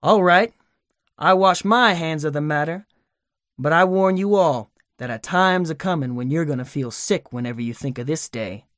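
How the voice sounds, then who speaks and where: A man's voice: on the high side, normal speed, no echo, clean studio sound, lightly acted. A man voicing a stern scolding doctor. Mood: indignant. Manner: forceful, scolding, earnest. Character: stern, indignant older male town doctor. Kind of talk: audiobook character voice.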